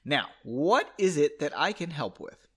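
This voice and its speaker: A man voicing a calm adult woman at an inn in a storybook reading, measured and unhurried. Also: on the high side, breathy edge, heavily acted.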